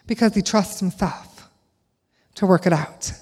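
A woman's voice: mid-range voice, unhurried, husky. Woman preaching in a reverberant church hall. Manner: candid, animated storytelling, acts out her own lines. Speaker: speaker at a church service. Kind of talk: sermon with personal storytelling.

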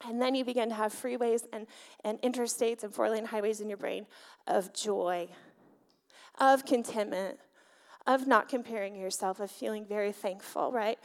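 A woman pastor giving an animated sermon, often asking the congregation questions. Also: medium pitch, normal speed. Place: church sanctuary. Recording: church hall reverb.

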